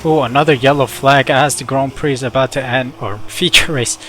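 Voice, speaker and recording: A chatty young man narrating his racing game as he plays, mid-pitched and casual with excitable asides. Faint noise sits under his voice. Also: fairly quick. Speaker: gaming YouTuber. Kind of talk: casual gameplay commentary.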